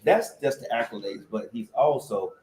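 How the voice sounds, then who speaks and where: A man's voice: medium pitch, moderate pace, reverberant, a crowd in the background, low-quality recording. A man co-hosting a talk show, joking and hyping up his guest. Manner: lively, joking, hype introductions. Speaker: co-host. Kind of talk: casual show chat.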